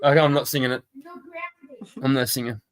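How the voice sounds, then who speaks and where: A man's voice: mid-range voice, level tone, brisk. A man hosting a casual livestream chat, rambling, swearing and laughing often. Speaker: stream host.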